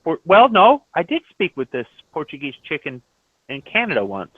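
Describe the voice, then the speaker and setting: A man's voice: fairly high pitch, huge pitch swings, moderate pace, dry recording. Opinionated man on a tinny line. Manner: opinionated, explanatory. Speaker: lobby chat participant. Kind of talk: casual chat. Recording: dry tinny phone-like line.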